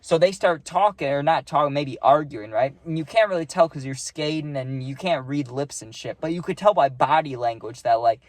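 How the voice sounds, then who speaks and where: A man's voice: a little high, moderate pace, few pauses, no room sound. A young man casually telling a rambling story, full of fillers, acting out what he saw. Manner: rambling, filler-heavy, acts out the scene.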